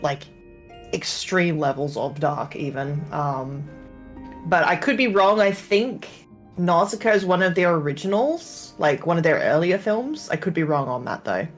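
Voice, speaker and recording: Low-key woman chatting with hedges. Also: animated, a little slow, soft background music. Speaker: friend on voice chat. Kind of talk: casual chat.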